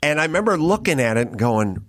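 A man's voice: a little high, big pitch swings, a bit bright, no room sound, clean studio sound. A man hosting a casual talk show, telling meandering stories and acting out little exchanges in quotes. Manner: rambling storyteller, slow drawn-out phrasing; acts out dialogue in quotes. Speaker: podcast host. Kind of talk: casual chat.

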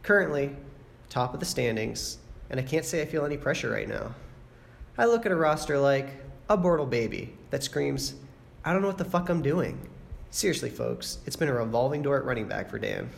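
A man's voice: expressive, a little fast, gravelly. A man delivering a boastful, trash-talking mock radio segment to his rival league members. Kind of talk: mock radio show taunt. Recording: low-quality noisy recording.

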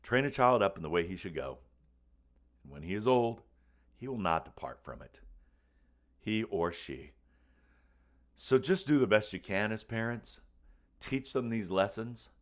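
A man telling a comic personal story, animated and playful, acting out the voices of the people in it. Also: lowish voice, unhurried, pauses often. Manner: animated, acts out voices and screams for comic effect.

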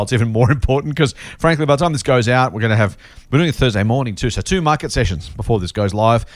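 An Australian man hosting a casual finance podcast, animated and rambling, laughing between points. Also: mid-range voice, dry recording. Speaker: podcast host.

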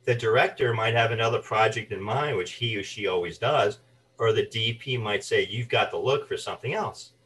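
Low-voiced man telling lively stories. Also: normal speed, distant mic, low-quality recording. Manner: animated anecdotes, acts out quoted voices. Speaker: guest, actor and voice artist. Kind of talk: storytelling interview chat.

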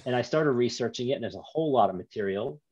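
A man's voice: medium pitch, lively intonation, quick pace, darkish tone, slightly rough, no room sound. A man, a guest author and documentary maker, telling rambling stories in an easy, self-mocking way in a casual interview chat. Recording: dull lo-fi sound.

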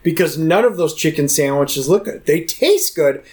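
Guy on a podcast retelling a movie scene by scene, slightly high voice, doing little voices for everyone. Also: moderate pace. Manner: animated storyteller, quotes people in voices, many restarts. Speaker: podcast co-host. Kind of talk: casual chat, retelling a film.

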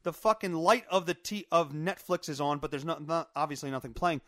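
A man hosting his own podcast, telling a long story in a rambling, profane, animated way. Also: on the high side, a little fast, no room sound, clean studio sound. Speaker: podcast host. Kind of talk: casual storytelling monologue.

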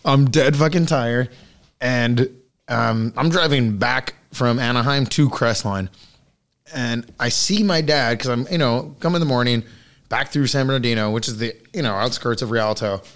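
A man's voice: mid-range voice, normal speed, fairly bright tone. A young man in casual chat, telling stories in a laid-back way and swearing casually.

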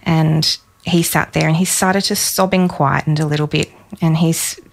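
A woman in her thirties, a psychologist guest on a podcast, telling a personal story warmly and with emotion. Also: sits low, steady tone, normal speed, gravelly. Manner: warm storytelling, emotional in places.

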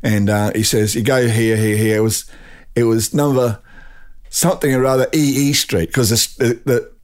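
An older man with an Australian accent, a guest telling a rambling, animated anecdote full of restarts. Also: mid-range voice, moderate pace. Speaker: guest, retired drag racing champion. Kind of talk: storytelling anecdote.

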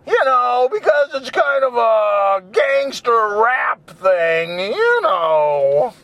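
A man talks to himself in a goofy, rambling way from a car, breaking into silly made-up song lines. His voice sits high, and he takes his time between thoughts. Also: big pitch swings, drawn-out words, a bit bright, no room sound. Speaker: vlogger. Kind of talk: rambling solo vlog while driving. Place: inside a car.

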